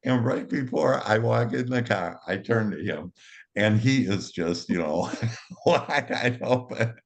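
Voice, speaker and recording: A man's voice: medium pitch, expressive, unhurried, vocal fry. A man, an author and motivational speaker, telling a cheerful anecdote casually and chuckling often as he goes. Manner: cheerful and upbeat.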